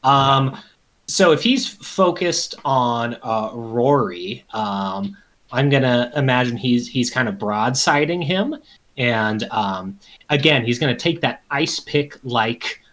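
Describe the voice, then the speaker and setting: A man of middle pitch, playing in a tabletop game. He speaks slowly and deliberately as he works out his character's attack. His ums fill the pauses. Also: fairly bright tone. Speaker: player.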